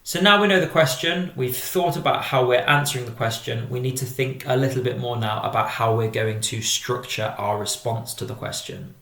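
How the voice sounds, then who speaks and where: A man teaching a drama exam-prep lesson, explaining each step in a measured, methodical way. His voice has a gravelly, creaky edge at a mid pitch. The recording carries a noticeable room echo. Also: bright, forceful tone.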